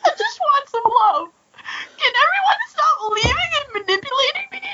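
A woman's voice: very high-pitched, sing-song, moderate pace, pushed and bright, voice pushed up, heavily acted. A woman voicing a whiny, tearful young woman fighter in her twenties, wailing and half laughing as she reads. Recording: slightly muffled lo-fi audio.

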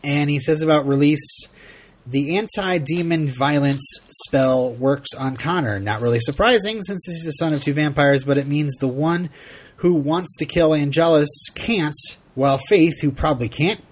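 A man's voice: fairly high pitch, moderate pace. A man hosting a casual podcast chat, laughing often and reading out listener feedback. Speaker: podcast host.

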